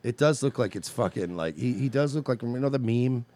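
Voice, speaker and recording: A man's voice: medium pitch, expressive, fairly quick, darkish tone. A man co-hosting a podcast, riffing in wry, rambling, profane banter. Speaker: podcast co-host. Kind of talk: casual comedic banter.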